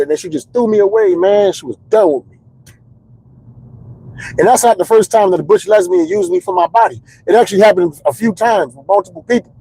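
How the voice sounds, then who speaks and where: A man's voice: high voice, mellow, dry recording, low-quality recording. A stand-up comedian telling candid, rambling comedic stories in casual chat, repeating words as he builds the jokes.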